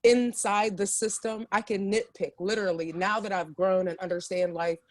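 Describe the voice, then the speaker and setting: A chef from Ohio, USA, chats animatedly as a guest on a podcast, often restarting her sentences. Her mid-range voice keeps a steady tone at a normal speed in this casual interview.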